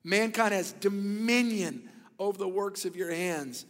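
A man in his thirties preaching a sermon, telling stories with bursts of loud emphasis and hushed, whispered asides. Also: high voice, measured pace, long reverb tail. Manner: animated storytelling, swings between loud emphasis and hushed whispers. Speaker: pastor.

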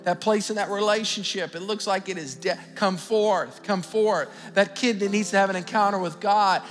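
A man's voice: high-pitched, moderate pace, fairly bright tone. A middle-aged man preaching a sermon as pastor, fervent and calling out to his congregation. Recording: long hall reverb with faint music.

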